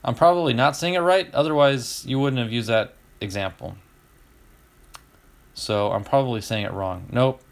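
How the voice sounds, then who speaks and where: A middle-aged man hosting a casual stream, opening card packs and chatting with viewers, getting excited over each card. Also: mid-range voice. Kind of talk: casual live-stream chat.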